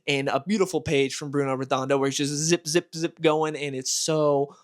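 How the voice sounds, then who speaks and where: Young male vlog host, slightly high voice, enthusiastic comic reviewer. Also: steady tone, normal speed. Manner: enthusiastic, gushing.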